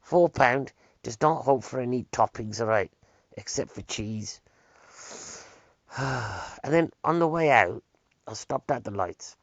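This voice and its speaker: A man rambles through comic anecdotes, dropping wry deadpan asides and rhetorical questions. His voice is gravelly and sits mid-range. The recording is dull, lo-fi and dry. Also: medium pitch, slow pace, pauses often, no echo. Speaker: comedian. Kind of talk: rambling comic storytelling monologue.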